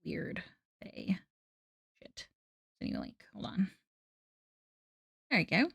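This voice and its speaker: A woman's voice: lowish voice, wildly swooping pitch, takes it slowly, vocal fry, fairly bright tone, slightly rough, no room sound, muffled recording. Chatty woman streamer, dry close mic. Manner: chatty, self-deprecating, laughing often. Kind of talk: casual live-stream chat.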